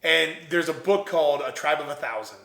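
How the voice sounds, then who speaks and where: A young man from Ohio tells his business story with a bright, fairly high voice. He talks in a casual, animated way, acting out the lines of everyone in the story. The room sounds echoey around him. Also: a little fast, creaky. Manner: animated, quotes himself and others in lively voices. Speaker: entrepreneur guest.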